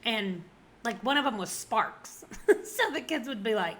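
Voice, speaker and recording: In a medium-pitched, slightly bright voice, a Southern woman in her forties chats animatedly at a normal speed about books she has read. She's a book vlogger from the Southern United States with a Southern American accent, laughing often through her casual reviews.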